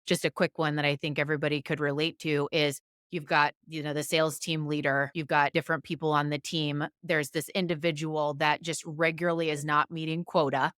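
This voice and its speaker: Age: adult. Sex: woman. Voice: low and smooth. Role: guest. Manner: thoughtful. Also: level tone, fairly quick, few pauses, fairly bright tone, dry recording, clean studio sound. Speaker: podcast guest. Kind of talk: conversational interview.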